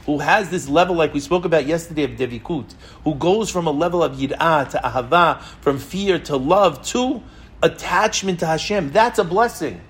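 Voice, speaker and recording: A man's voice: fairly high pitch, normal speed. A man giving a sermon as a rabbi. He speaks emphatically, tells stories, repeats his points and asks rhetorical questions. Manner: storytelling.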